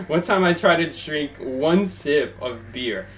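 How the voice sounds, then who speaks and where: A man's voice: on the high side, lively intonation, extremely slow, fairly bright tone, a little hiss or hum. A young man giving chatty, casual commentary while live-streaming a game and thanking his viewers.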